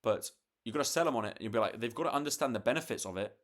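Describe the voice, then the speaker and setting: A man's voice: mid-range voice, animated, racing. A young man, swearing freely and restarting sentences as he talks to camera late at night, acting out parts of a sales call. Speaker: vlogger.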